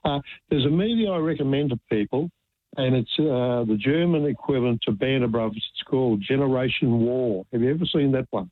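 A man's voice: mid-range voice, brisk, no room sound. A man phoning in to a radio show, talking hesitantly with many fillers. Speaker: caller. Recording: phone line on radio.

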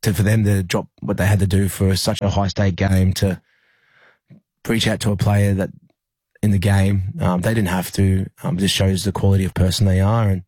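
Young Australian male athlete, low husky voice, dry close sound, halting storyteller. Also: little pitch movement, darkish tone, no echo. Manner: halting, lots of fillers and restarts. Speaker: interview guest, rugby league player. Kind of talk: emotional personal storytelling.

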